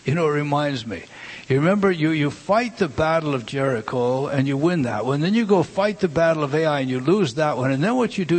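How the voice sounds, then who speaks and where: Husky emphatic male preacher. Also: on the high side. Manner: emphatic, repeats "you see", swings from hushed to loud. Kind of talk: sermon.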